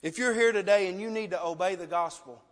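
Male preacher, high voice, passionate and pleading, heard in a hall with long reverb. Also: quick pace. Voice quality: passionate, emotional, loud at times. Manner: rhetorical questions, pleading. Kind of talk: sermon with altar call. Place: church sanctuary.

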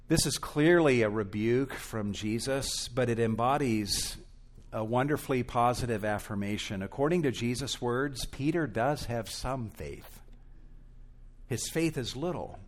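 Slow, deliberate male preacher. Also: mid-range voice. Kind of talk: sermon.

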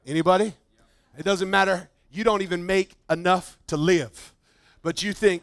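A man preaching a sermon as pastor in a church, animated, swinging from loud emphasis to quiet asides. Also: high voice, normal speed, dry recording, clean studio sound.

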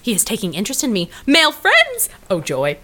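A woman's voice: lowish voice, big pitch swings, racing, voice pushed down. A young woman in a comedy sketch, playing her own effusive, melodramatic emotional side. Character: young woman's gushing, dramatic emotional self.

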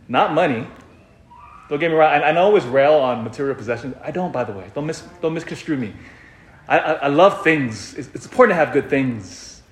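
A man giving a sermon as a priest, animated and full of rhetorical questions, often repeating himself. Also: fairly high pitch, fairly quick, reverberant. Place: church.

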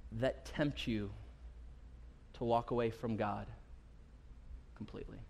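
A man in his thirties, pastor of the congregation, preaches in a mid-range, slightly mellow voice. His sermon is casual, with quotes acted out in rising emphasis, and the church sanctuary gives it a long hall reverb.

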